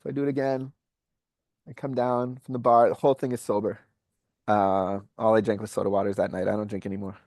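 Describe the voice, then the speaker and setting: A man with a New York accent, a podcast guest telling a personal story in a candid, animated way, acting out what people said. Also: on the low side, fairly quick, no echo, clean studio sound. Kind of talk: casual storytelling.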